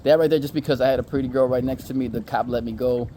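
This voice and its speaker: A man's voice: medium pitch, fairly even intonation, fast talker, dark tone, slight background noise. A young adult man telling a story casually, slangy and profane, who acts out the quotes in exaggerated voices.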